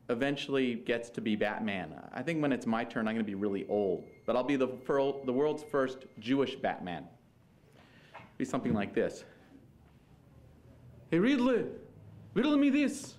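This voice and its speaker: A man's voice: medium pitch, moderate pace, a little mellow. A male stand-up comedian in a conversational, musing set with some hesitant fillers.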